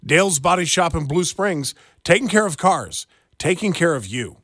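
A man's voice: fairly high pitch, expressive, normal speed, fairly bright tone, breathy edge, no room sound, studio quality. A man hosting a talk radio show, blunt and indignant, who also reads ads live. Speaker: radio host.

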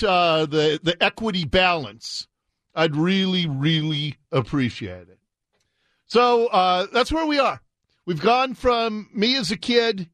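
A man's voice: fairly bright tone, no echo, studio quality. A man in his fifties hosting talk radio, mocking and sarcastic in his commentary. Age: 50s. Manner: sarcastic, mocking, swings in pitch. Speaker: radio host.

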